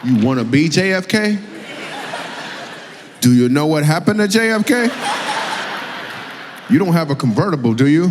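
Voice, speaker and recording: A man's voice: on the high side, lively intonation, normal speed, pauses often, background noise. A man, a comedian, doing stand-up crowd work on stage, teasing an audience member and laughing often. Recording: live hall with faint ambience.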